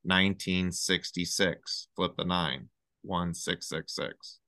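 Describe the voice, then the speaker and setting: A man with a low, deep voice and a bright, crisp, clean tone, guesting on a casual podcast. He rambles excitedly from one number theory to the next, and his voice is recorded close and dry. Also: takes it slowly, no room sound. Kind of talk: casual chat.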